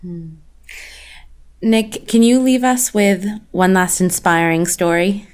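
Slow, smooth-voiced woman host. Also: medium pitch. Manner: brief, encouraging prompts. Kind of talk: interview on a call.

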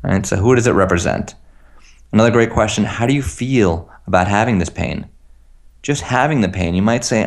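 A man's voice: on the low side, normal speed, gravelly. A man giving an earnest coaching talk on a call, acting out example phrases for listeners to repeat. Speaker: tapping practitioner, guest on a call.

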